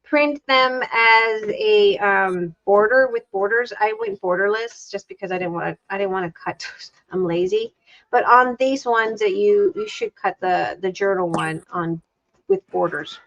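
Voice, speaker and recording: A woman's medium-pitched, fairly bright voice chats through a relaxed craft livestream, wandering off topic and stopping mid-sentence as she works. There's a little hiss or hum on the rough recording.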